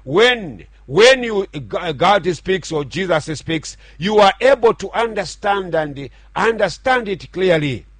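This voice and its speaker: Middle-aged pastor, radio sermon, fairly high voice, slow, dry close sound. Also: male voice, animated, slightly rough, dry recording. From Zambia. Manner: earnest preaching with repetitions and restarts.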